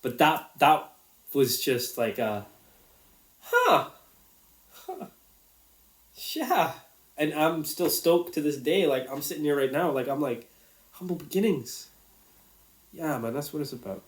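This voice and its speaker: A man's voice: medium pitch, moderate pace. Casual man telling a story. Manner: casual, swears freely, reflective and earnest. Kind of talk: personal storytelling monologue.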